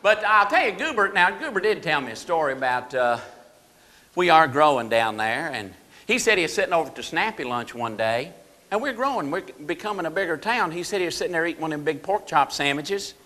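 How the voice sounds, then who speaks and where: A man's voice: on the high side, very animated, fairly quick, bright, forceful tone. A man impersonating a jittery, boastful small-town deputy, telling folksy yarns for laughs in a Southern drawl. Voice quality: folksy drawl, tells yarns and quotes others. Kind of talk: comedic stage monologue. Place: banquet hall. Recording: echoey hall.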